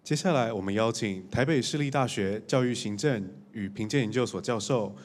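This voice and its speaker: A man's voice: mid-range voice, brisk. A man acting as emcee, formally introducing the next judge. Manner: formal, reads out a full title. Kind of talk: formal announcement.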